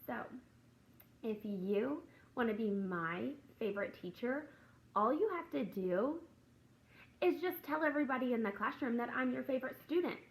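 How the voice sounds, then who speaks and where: This teacher and Christian video host sounds a little high and animated, speaking at normal speed on a low-quality recording. Her devotional talk to camera is casual and chatty, and she acts out classroom exchanges while telling a story.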